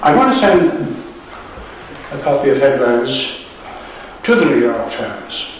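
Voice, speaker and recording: A man's voice: mid-range voice, sing-song, slow, slight background noise. An Irish man, a poet, giving a wry, sardonic reading at a book launch and chuckling at his own jokes. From Ireland. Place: museum hall at a live event. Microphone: room recording from a distance. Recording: very echoey hall from far off.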